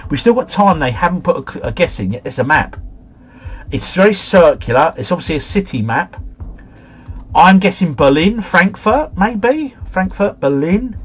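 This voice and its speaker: A man hosting a livestream, chatting excitedly and muttering to himself as he reads out clues during a game. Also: fairly high pitch, slightly rough. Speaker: livestream host. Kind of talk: live game commentary, thinking aloud.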